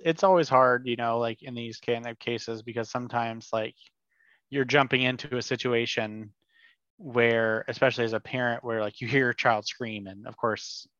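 A man's voice: mid-range voice, a bit bright, no echo, muffled recording. A man co-hosting a podcast, speaking casually and thoughtfully, often saying "like". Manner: thoughtful, uses filler like. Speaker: podcast co-host. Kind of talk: casual conversational chat.

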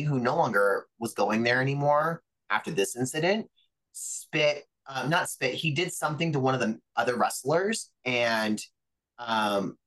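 Male wrestler guest, chatty storyteller, bright edge to the voice, average pitch. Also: poor audio. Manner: chatty, lots of fillers and quoted dialogue. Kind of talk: casual storytelling interview.

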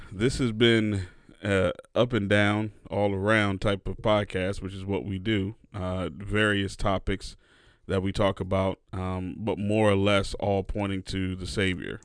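A man hosting a casual podcast, telling stories in an animated way and acting out what people said. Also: low-pitched, smooth, no echo, clean studio sound. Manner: animated storyteller, acts out quotes. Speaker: podcast host.

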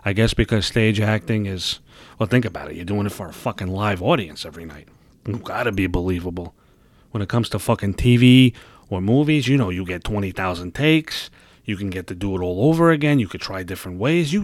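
A man's voice: fairly low pitch, fairly quick, dry recording. Profane, fired-up male podcast host. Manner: profane, heated, animated venting. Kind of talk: casual solo podcast rant.

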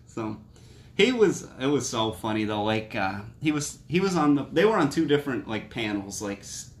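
A man in casual podcast chat who laughs easily and rambles, starting sentences over as he goes. His voice is mid-pitched and sounds roomy and echoey. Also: very animated, moderate pace. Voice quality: laughs often, rambling restarts. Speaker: podcast co-host, combat sports commentator.

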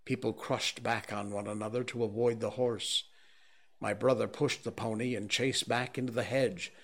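A man reading a novel aloud as an audiobook narrator, in a slow, measured and grave way. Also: on the low side, fairly even intonation. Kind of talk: scripted narration.

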